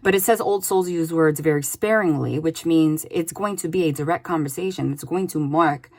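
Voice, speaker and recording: A woman giving a casual spoken tarot reading, chatty and loose, often adding "like" and "okay?". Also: deep voice. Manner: chatty, with many "like" and "okay?" tags. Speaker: tarot reader.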